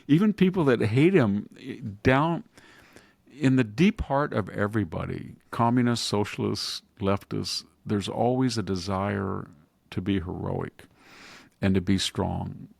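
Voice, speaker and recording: Gravelly older man musing on politics. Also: on the low side, slow, a little mellow, dry recording. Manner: acts out quoted voices, chuckles, digressive. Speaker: podcast host, historian. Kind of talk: casual political commentary.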